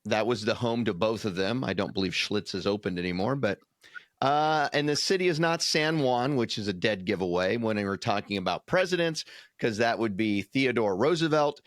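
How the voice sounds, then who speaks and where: A man's voice: on the low side, animated, normal speed, no echo, studio quality. A man co-hosting a casual podcast, recapping a quiz answer in an easygoing, joking way with many uhs. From United States. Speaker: podcast co-host.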